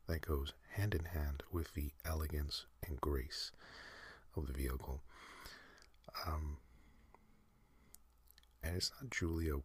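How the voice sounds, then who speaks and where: A man hosting a sleep podcast, talking in a soft breathy whisper, slow and meandering with many fillers. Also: a bass voice, fairly even intonation, dry recording. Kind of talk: rambling whispered sleep talk.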